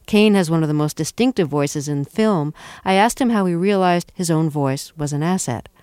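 A woman hosting a radio interview, reading a crisp scripted introduction and asking short questions. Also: sits low, moderate pace, mellow, no room sound, clean studio sound. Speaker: radio host.

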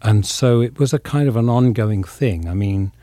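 An English actor giving an interview, speaking thoughtfully and haltingly with many pauses and fillers. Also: male voice, on the low side, dark tone, no room sound. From England. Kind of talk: reflective interview talk.

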